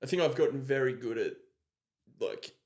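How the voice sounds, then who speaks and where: A man hosting a podcast, talking reflectively and often pausing to search for words. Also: mid-range voice, a little mellow. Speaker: podcast host. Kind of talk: casual conversation.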